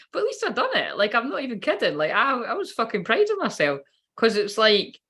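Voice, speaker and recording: A woman's voice: a little high, huge pitch swings, a little fast, a bit bright. Rambling, swearing woman. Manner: rambling, swears freely, laughs often. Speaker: spiritual reader. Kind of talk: casual storytelling.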